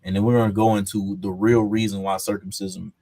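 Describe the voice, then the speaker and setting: A man's voice: on the low side, little pitch movement, quick pace, mellow. A man hosting a live reaction stream, commenting on a debate clip. He laughs often and talks in a loose, mocking way.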